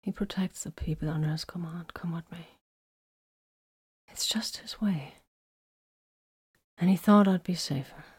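A woman voicing an exhausted, wounded female warrior in a whispered role-play, speaking softly with quiet teasing. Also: on the low side, steady tone, moderate pace, pauses often, husky. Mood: weary. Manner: soft, weary, quietly teasing.

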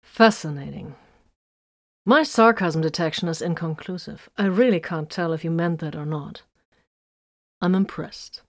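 A woman's voice: lowish voice, a little slow, no room sound, clean studio sound. Woman putting on a bluff old warrior sergeant. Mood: sardonic. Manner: jovial, condescending, bluff. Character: jovial old male space-warrior sergeant, white-bearded.

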